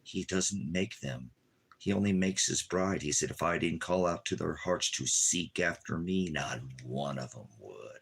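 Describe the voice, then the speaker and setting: A man preaching an informal home sermon with fervent delivery that swings from low murmurs to shouted warnings. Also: unhurried, vocal fry, breathy edge.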